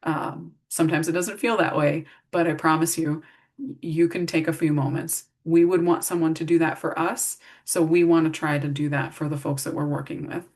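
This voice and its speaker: A woman's voice: deep voice, flat delivery, moderate pace, darkish tone. A middle-aged woman giving a casual training talk to care staff, walking through practical strategies and acting out example phrases. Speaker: behavior support trainer. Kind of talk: recorded staff training presentation.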